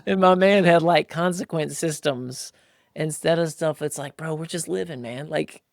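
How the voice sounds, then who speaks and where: A man's voice: fairly high pitch, normal speed, vocal fry, no room sound, clean studio sound. A man in his thirties hosting a casual podcast chat, telling stories with lots of acted-out quotes and casual slang. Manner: animated storytelling, acting out quotes, frequent "like" and "bro". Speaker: podcast host.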